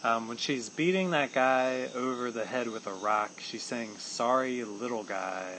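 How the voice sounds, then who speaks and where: A man's voice: mid-range voice, normal speed, a bit bright, slight background noise. A man co-hosting a podcast, amused and laughing often, with dry quips in casual chat. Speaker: podcast co-host.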